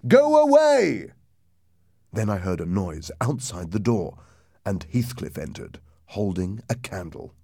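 A man narrating a ghost story aloud in a lively, dramatic reading that drops low and hushed for suspense. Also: unhurried, breathy edge, no room sound, clean studio sound.

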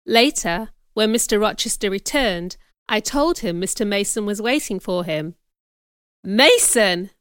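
A woman narrating a novel as an audiobook, measured and clear. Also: medium pitch, animated, no echo. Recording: dry, close studio recording.

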